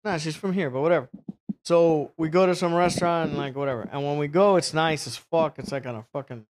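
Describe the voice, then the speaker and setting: A man's voice: on the high side, brisk. A man telling rambling, crude stories in casual chat, laughing often. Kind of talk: casual profane storytelling.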